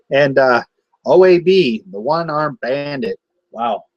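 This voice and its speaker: A man's voice: a little high, lively intonation, very slow, no echo, dull audio. A man hosting a wrestling show, cutting a taunting, sarcastic trash-talk promo.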